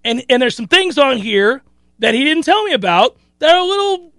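A man hosting a sports talk show, telling a story in a casual, animated way and acting out other people's lines. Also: extremely high pitch, normal speed, dry recording, clean studio sound. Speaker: sports radio host.

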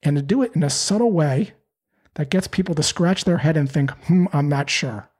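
A man's voice: fairly high pitch, lively intonation, fairly quick, a little mellow, slightly rough. A man who trains salespeople, answering podcast interview questions and acting out cold calls in quoted voices.

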